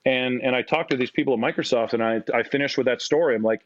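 A man's voice: mid-range voice, quick pace, few pauses, no room sound. A man from Canada in his forties, a podcast guest telling casual anecdotes, mocking himself and acting out the voices he quotes. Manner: self-deprecating, acts out quoted voices. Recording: slightly muffled dry recording.

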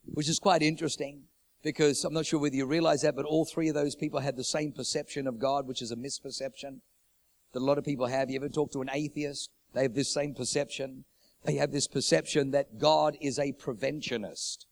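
A man's voice: medium pitch, fairly even intonation, fairly quick, creaky. A man preaching a sermon, repeating his phrases for emphasis and building urgency.

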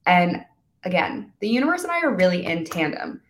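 A woman's voice: fairly low pitch, brisk, reverberant. A young woman in her twenties telling a story in casual chat, full of fillers and acted-out quotes. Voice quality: valley-girl filler talk, animated quoting. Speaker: guest influencer.

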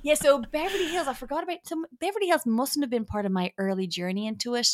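A woman chatting as a podcast guest, rambling and animated. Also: high voice, fast. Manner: rambling, animated, drops into mock voices. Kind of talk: casual chat.

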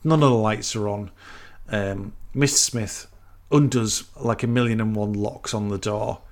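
A man's voice: fairly low pitch, fairly even intonation, a little slow. A man retelling a film plot in casual chat, rambling and acting out the characters' lines. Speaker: podcast co-host.

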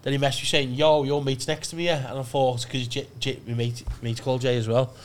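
A man, co-hosting a comedy podcast in a relaxed, sweary chatting manner. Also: mid-range voice, a little fast. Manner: laid-back, swears, lots of "lad" and "lovely". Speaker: comedian co-host. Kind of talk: casual podcast banter.

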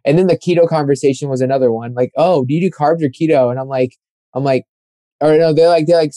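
A young man tells a long, rambling story in casual chat, scattering fillers and slipping into other people's voices as he quotes them. His voice sits a touch high but sounds mellow and dark. The sound is dry and close, with no room echo. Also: fast talker.

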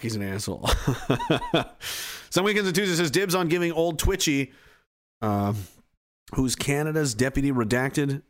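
Man, stream host, profane mocking rant, loud, lively swooping pitch. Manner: loud, mocking, laughs often, shouts. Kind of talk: profane comedic commentary.

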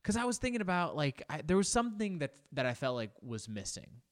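A man's voice: a little high, very animated, brisk. A man hosting a casual solo podcast from his home office, chatty and playful, with jokey asides, his voice a bit congested. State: slightly congested. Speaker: podcast host.

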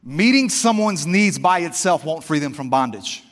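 A man's voice: on the high side, expressive, moderate pace, fairly bright tone, big-room sound, soft background music. A male pastor preaching a fervent, conversational sermon straight to his congregation.

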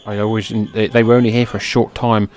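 A man calling old wrestling footage play-by-play as a fan, in a relaxed way that bursts into excited swearing. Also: on the low side, fast. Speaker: fan commentator.

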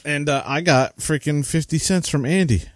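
A man's voice: on the high side, normal speed, dry recording. A man with a New Jersey accent co-hosting a casual podcast, chatting and reading listener comments aloud with frequent laughs. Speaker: podcast co-host.

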